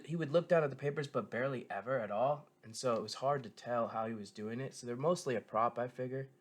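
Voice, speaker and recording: A man talks through his thoughts in an easygoing, meandering way, leaning on fillers and restarting his sentences. His pitch sits in the middle range for a man. He sounds like an eager fan chatting straight to his viewers. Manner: meandering, filler-heavy, frequent self-corrections; enthusiastic fan tone. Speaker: show reviewer. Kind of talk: casual rambling commentary.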